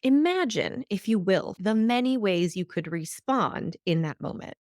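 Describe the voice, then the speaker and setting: A woman hosting a solo podcast, teaching in an animated way and acting out the voices she quotes. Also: mid-range voice, a little slow, no room sound, clean studio sound. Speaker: podcast host.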